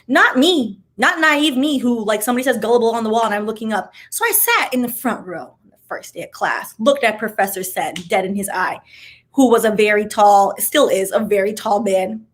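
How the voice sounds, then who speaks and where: A young woman with a slightly high voice tells stories in a casual vlog. She talks in an animated, dramatic way, acting out the voices of the people in her story. She drops in chatty asides as she goes. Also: fairly quick. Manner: animated, dramatic retelling with acted-out quotes; chatty asides, says "child" and "like" often. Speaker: vlogger.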